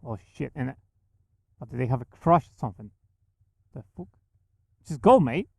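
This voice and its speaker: A young man giving casual, excitable commentary while driving, swearing freely and talking at other drivers. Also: medium pitch, moderate pace, vocal fry, breathy edge, dry recording. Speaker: vlogger driving. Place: inside a car on mountain roads.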